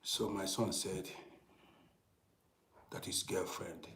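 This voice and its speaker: A middle-aged man telling a personal story in a casual monologue, dropping to hushed whispers and rising to loud, emphatic bursts, often repeating and restarting phrases. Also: deep voice, fairly even intonation, slow, vocal fry, echoey room. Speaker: storytelling channel host.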